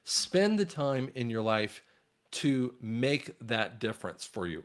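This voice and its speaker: A man's voice: mid-range voice, big pitch swings, slow. A man talking straight to his viewers in an earnest monologue on faith, often repeating a word as he restarts. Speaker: online commentator.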